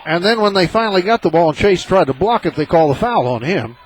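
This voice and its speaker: Excitable local basketball announcer, a man. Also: high-pitched, quick pace, breathy edge, low-quality recording. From southern Illinois. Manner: partisan, excitable, rises sharply on big plays. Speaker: play-by-play announcer. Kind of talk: local radio basketball commentary.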